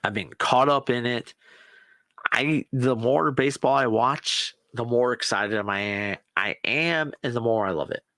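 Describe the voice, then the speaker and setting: Excitable man in casual sports chat. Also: mid-range voice, a little slow, no echo. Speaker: podcast host.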